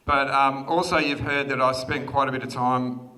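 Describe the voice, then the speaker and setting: His medium-pitched voice is pushed and bright, with fairly even intonation at normal speed, as this Australian groom in his thirties gives a chatty, self-deprecating speech and laughs often. Guests chatter throughout the large reception hall.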